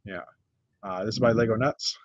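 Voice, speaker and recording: A middle-aged man from North America hosting a casual chat, rambling through a list with many pauses and restarts. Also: lowish voice, steady tone, no room sound, lo-fi sound. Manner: rambling, lots of uh and restarts, shows builds one by one. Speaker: podcast host.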